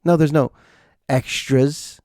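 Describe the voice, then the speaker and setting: A man in his forties hosting a podcast, delivering an animated comic monologue full of rants and playful put-on quotes. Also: fairly high pitch, slow pace, dry recording, clean studio sound. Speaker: podcast host.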